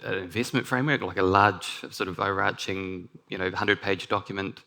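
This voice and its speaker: A man with a New Zealand accent giving a conference presentation, talking in a relaxed way with many ums and restarts. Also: low voice, fairly quick, creaky. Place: conference stage.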